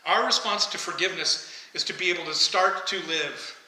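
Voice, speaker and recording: A man's voice: high-pitched, normal speed, sharp tone. A man preaching a conversational sermon, often asking the congregation questions. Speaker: pastor. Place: church sanctuary. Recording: echoey church hall, faint ambience.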